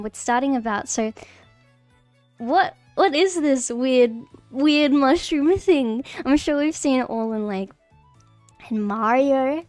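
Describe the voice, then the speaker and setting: A woman streamer giving a casual lesson on mushrooms, rambling and halting with many fillers and restarts, bubbly and playful. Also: mid-range voice, darkish tone. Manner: bubbly, repeats phrases playfully. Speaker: streamer teaching a mycology lesson. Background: faint background music.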